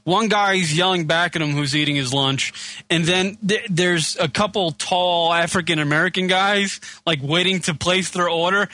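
A man's voice: sits high, moderate pace, bright, forceful tone, no room sound. A man co-hosting a radio show, chatting casually and profanely while laughing along. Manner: chatty, laughing, swearing freely. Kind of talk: casual, profane studio banter. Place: radio studio.

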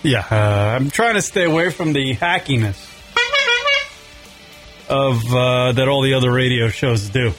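A man's voice: mid-range voice, unhurried, pauses often, music in the background. A man from Long Island hosting a casual comedy radio show, rambling and swearing as he tells stories. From Long Island, New York. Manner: profane, rambling, animated storytelling.

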